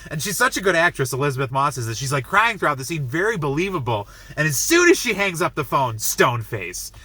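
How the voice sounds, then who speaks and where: A young man reviewing a film, retelling the plot in an excited, rambling way full of "like" and acting out lines. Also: on the high side, brisk, slightly rough, no room sound. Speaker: movie reviewer. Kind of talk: enthusiastic movie review.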